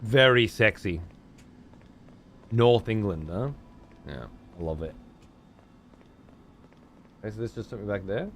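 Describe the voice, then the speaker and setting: A man with a fairly low voice streams a game and talks over it casually, swearing freely as he answers his chat. His pitch leaps high when he is frustrated or surprised, then sinks back into low murmurs. A faint hum of noise sits under the voice. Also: expressive, unhurried, pauses often. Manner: profane, chatty, answers chat. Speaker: let's play streamer. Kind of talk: casual gameplay commentary.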